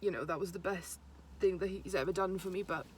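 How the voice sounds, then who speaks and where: A young woman, haltingly retelling a personal story to camera, with many restarts. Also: lowish voice, slightly rough. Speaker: vlogger.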